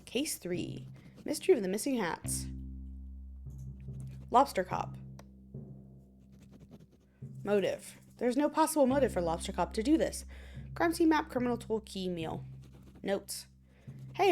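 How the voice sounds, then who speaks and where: A woman's voice: on the high side, darkish tone. A woman streamer playing a game, reading the detective's lines in a playful, casual way. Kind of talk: game let's-play with voiced dialogue.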